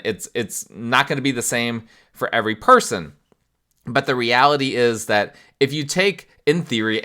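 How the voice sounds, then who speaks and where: A man's voice: mid-range voice, pushed and bright, smooth. A man hosting a podcast, explaining at length in a conversational way and putting rhetorical questions to his listeners. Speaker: podcast host. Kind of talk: explanatory monologue.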